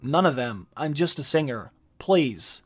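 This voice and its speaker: A man's voice: mid-range voice, expressive, measured pace, breathy edge, soft background music. A man reading aloud the part of a frightened young male singer, stammering and pleading.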